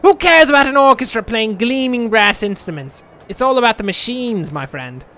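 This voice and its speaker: A man's voice: very high-pitched, animated, moderate pace, pushed and bright. A man reading a text game aloud with playful, rambling, jokey asides. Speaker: game streamer.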